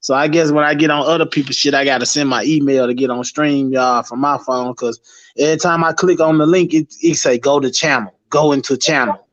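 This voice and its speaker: Man, casual profane chat, fairly high voice, muffled lo-fi audio. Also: brisk. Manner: loose, profane, animated street talk. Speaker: guest on a live stream. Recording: dull lo-fi stream audio.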